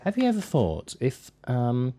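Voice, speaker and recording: A man voicing a pushy male doorstep preacher in a northern English accent, slow and halting. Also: medium pitch, huge pitch swings, warm tone. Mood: preachy.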